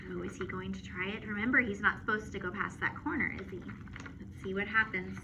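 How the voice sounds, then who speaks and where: A woman teacher reading a storybook aloud to children on camera, expressive and playful with asides and sound effects. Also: mid-range voice, fairly quick. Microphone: phone or camera. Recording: muffled with steady background noise.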